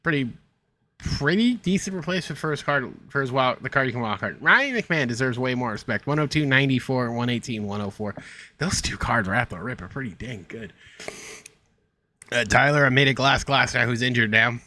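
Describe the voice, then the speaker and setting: A young man talks through a video game's new cards in a loose, rambling way, reading numbers aloud and tossing in sarcastic jabs. His voice sounds bright and slightly sharp, sitting at an ordinary pitch for a man. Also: lively intonation, brisk. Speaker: gaming streamer. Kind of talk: casual game commentary.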